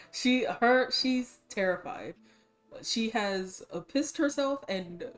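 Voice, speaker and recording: A woman's voice: a little high, animated, takes it slowly, soft background music. A woman narrating as game master, telling the scene loosely with fillers and laughs.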